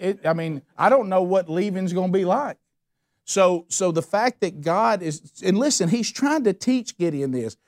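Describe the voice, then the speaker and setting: A man's voice: sits high, a little mellow, no room sound, clean studio sound. A middle-aged man leading a men's Bible study, talking earnestly and animatedly, often restarting phrases and acting out the voices he quotes. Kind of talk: conversational Bible teaching.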